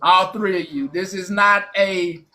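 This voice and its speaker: A woman's voice: fairly low pitch, steady tone, a little slow, sharp tone. A woman hosting a casual live-stream commentary, mocking and preachy, hammering her points home by repeating phrases. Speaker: host.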